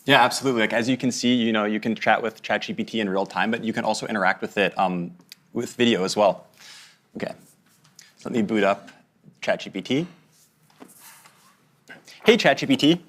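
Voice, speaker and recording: A man's voice: lowish voice, a little fast, pauses often, fairly bright tone. A man presenting a live product demo in a casual, friendly way.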